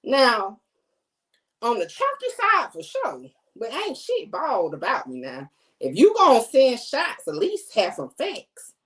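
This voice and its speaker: A middle-aged woman hosting a podcast from home, talking in a blunt, slangy, animated way. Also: fairly high pitch, slow. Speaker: podcast host. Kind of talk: casual chat to camera.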